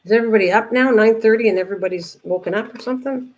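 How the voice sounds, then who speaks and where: An older woman hosting a live crafting stream, greeting viewers by name and muttering quietly to herself as she works. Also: fairly high pitch, racing. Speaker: craft livestream host.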